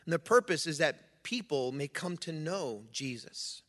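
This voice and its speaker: A man with a high voice delivers a sermon. He reads scripture, then preaches in a loose, conversational way, often restarting his sentences. His voice rings out with a long reverb through a church sanctuary. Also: animated, measured pace, a bit bright. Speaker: pastor.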